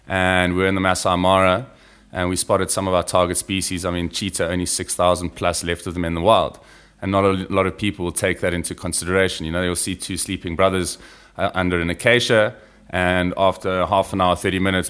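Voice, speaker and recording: Deep-voiced man telling wildlife stories. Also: clean tone. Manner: relaxed, anecdotal, drops to a hush when describing wildlife. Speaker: podcast guest, reptile field explorer. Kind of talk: casual conversational storytelling.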